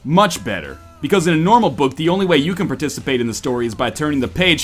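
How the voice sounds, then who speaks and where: Guy hosting a chat show over a call, bouncy animated voice, cussing, faint rock song behind him. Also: medium pitch, quick pace, hardly any pauses. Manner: animated, profane, mock-dramatic. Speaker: podcast host. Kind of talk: casual chat and reading a visual novel aloud. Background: faint rock music.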